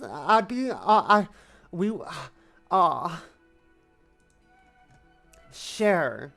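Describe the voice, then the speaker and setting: A woman's voice: lowish voice, big pitch swings, very slow, long pauses, fairly bright tone, faint music behind. A woman in her twenties streaming a game, chatting casually, rambling and playfully repeating herself. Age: 20s. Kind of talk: casual let's-play chat.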